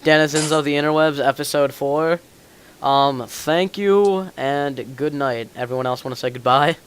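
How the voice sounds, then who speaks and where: A man's voice: fairly high pitch, moderate pace. A teenage boy hosting a casual online podcast, rambling and joking with friends, often laughing. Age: teens. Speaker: podcast host. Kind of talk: casual chat. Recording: faint hiss, keyboard clicks.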